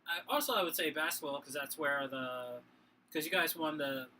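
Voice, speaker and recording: A man's voice: a little high, moderate pace, pushed and bright, slight background noise, poor audio. A tipsy man with a Boston accent co-hosting a casual sports talk show, rambling with many fillers and restarts. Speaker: podcast co-host.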